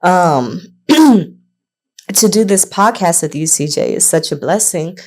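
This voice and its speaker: Woman, podcast co-host; slow, low voice, emotional and heartfelt, gets choked up. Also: expressive. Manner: emotional, chokes up while speaking. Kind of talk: casual podcast chat.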